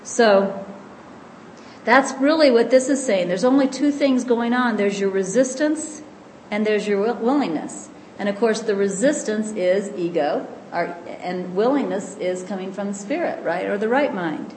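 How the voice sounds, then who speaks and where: Gentle woman teaching in an echoey room. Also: mid-range voice. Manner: calm, gentle and explanatory, often slows for emphasis. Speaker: spiritual teacher. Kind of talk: spiritual teaching talk. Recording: echoey room with faint background noise.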